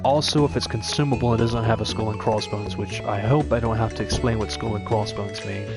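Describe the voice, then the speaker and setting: A man's voice: on the low side, fairly even intonation, brisk. A man giving casual gameplay commentary, chatting and explaining tips to his viewers. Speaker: let's play streamer. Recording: game music behind the voice. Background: game music.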